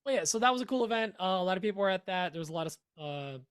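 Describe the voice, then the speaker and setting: Laid-back rambling podcast co-host. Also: male voice, high-pitched, animated, very fast, a bit bright, clean tone. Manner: rambling, jokey, laughs often. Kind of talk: casual chat.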